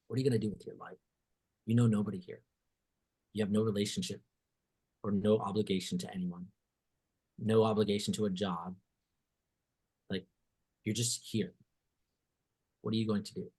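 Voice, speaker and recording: A man hosting a podcast, telling a story in casual chat, animated and swearing casually, acting out what people said. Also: lowish voice, moderate pace, long pauses, slightly rough. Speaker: podcast host.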